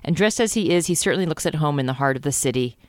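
The speaker is a podcast co-host reading a racy novel aloud, breaking off to giggle and trip over hard words. the recording is close and dry, with no room sound, and the pitch sits in a middle range. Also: expressive, racing, no echo. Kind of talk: casual comedic book reading.

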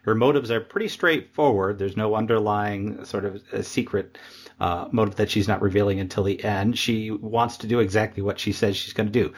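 A man hosting a podcast interview, asking thoughtful, halting questions. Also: lowish voice, steady tone. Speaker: podcast host.

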